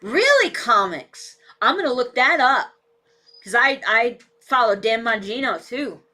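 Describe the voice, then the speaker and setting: A woman streams live political commentary from her cluttered home, her fairly high voice sing-song, bright and forceful, her pace a little slow. She talks bluntly with frequent swearing and answers her dog, which barks and moves around. She's on a desk mic with a camera.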